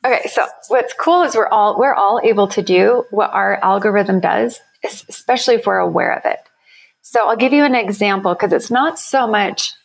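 Gravelly-voiced woman explaining eagerly. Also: mid-range voice, rough recording. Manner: energetic, explanatory, uses quick examples. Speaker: company founder and guest. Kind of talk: conversational interview.

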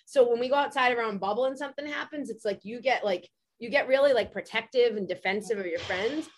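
A woman in her forties, a podcast host, telling a story in casual chat, animated and profane, with many "like" fillers. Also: a little high, quick pace. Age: 40s.

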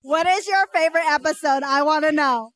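A woman's voice: high voice, a little fast, a bit bright. A woman co-hosting a podcast, chiming in with eager, sincere remarks in casual chat. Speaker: podcast co-host.

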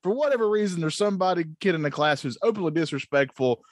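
A man's voice: on the high side, expressive, fast. A man co-hosting a casual podcast, cracking jokes and laughing at his own puns. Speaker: podcast co-host.

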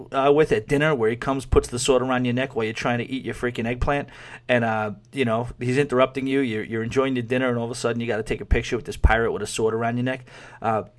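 A man hosting a podcast in casual chat, rambling with amused asides and often trailing off mid-thought. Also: mid-range voice. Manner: rambling, amused, laughs while talking, trails off. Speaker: podcast host.

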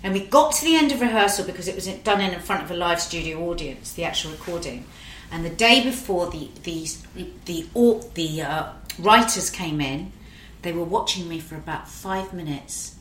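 A middle-aged woman, an actress, telling lively anecdotes in casual chat and swearing freely. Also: on the low side, normal speed, slight background noise. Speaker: actress guest. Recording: roomy echo.

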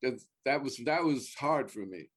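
A man's voice: medium pitch, expressive, moderate pace, husky. A man chatting casually as a guest actor, starting over and repeating words, swearing offhand. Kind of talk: casual podcast chat.

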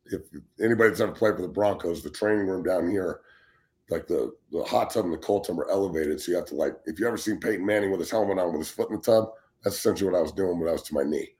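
A show guest in his forties, formerly a football player, delivers a casual sports-talk rant in a low, fast, slightly mellow voice. He's blunt and hot-tempered, swears a lot, and often repeats words while restarting what he's saying.

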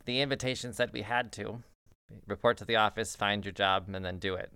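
A man running a tabletop game as game master, relaxed and dry. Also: fairly low pitch, fairly quick, clear, resonant tone, no room sound.

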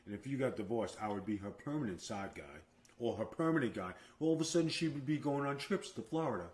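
A man's voice: mid-range voice, animated, quick pace, darkish tone. A man co-hosting a casual chat show, joking around and defending himself in banter. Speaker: co-host.

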